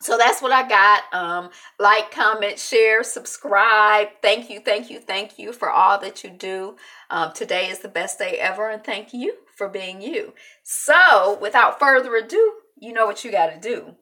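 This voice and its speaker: A woman's voice: mid-range voice, measured pace, sharp tone. A woman recapping a TV episode in a chatty, emotional way, retelling scenes with quoted lines. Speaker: TV recap vlogger.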